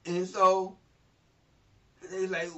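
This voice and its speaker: A man with a high-pitched voice teaches through a scripture passage in a loose, informal way. He laughs often and retells each verse in plain everyday speech. The recording is distant, dull and lo-fi. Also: completely flat delivery, very slow, sharp tone. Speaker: Bible teacher. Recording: distant mic, dull lo-fi sound.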